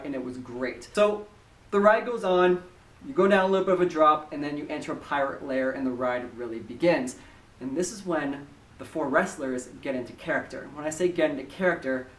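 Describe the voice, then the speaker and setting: A man with a fairly high voice tells a story in an animated, chatty way. His voice comes from a little way off the microphone. It bounces around an echoey room. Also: far from the mic. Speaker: listener sending in a story. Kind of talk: casual storytelling voice message. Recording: echoey room, voice away from the mic.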